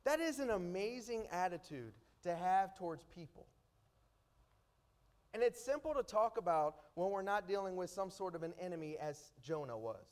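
A man preaching a sermon, reading scripture aloud slowly and then explaining it with rising emphasis. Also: sits high, animated, a little mellow.

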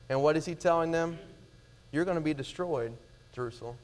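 A middle-aged male pastor preaching a sermon with emphatic swings from loud declarations to hushed words. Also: fairly high pitch.

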